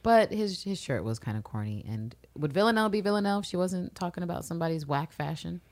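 Low-voiced woman recapping a TV episode. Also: quick pace. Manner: animated, opinionated, acts out characters' lines. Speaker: podcast co-host. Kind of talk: casual TV recap chat.

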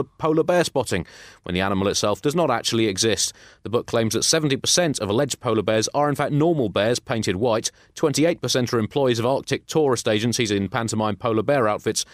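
A man's voice: medium pitch, dry recording, clean studio sound. A man co-hosting a comic podcast, rambling and self-mocking, chuckling through his jokes. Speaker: podcast co-host.

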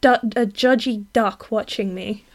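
A woman's voice: mid-range voice, fairly even intonation, unhurried. A woman co-hosting a podcast, making dry, teasing quips while loosely planning a story. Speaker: podcast co-host. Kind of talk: casual chat, improvised plotting.

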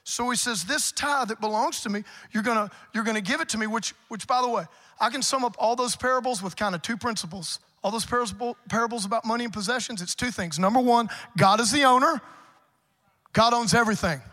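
Male pastor, emphatic sermon, bright forceful tone, long hall reverb. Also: very high-pitched, fast. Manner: emphatic preaching, rising loud on key points.

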